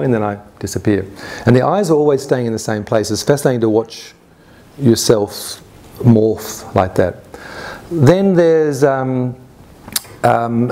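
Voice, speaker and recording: A man at a mid-range pitch tells a personal story to a summit audience. He talks earnestly and conversationally, reliving events in the present tense, with frequent restarts and little fillers. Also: warm tone. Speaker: conference speaker. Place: summit stage before an audience.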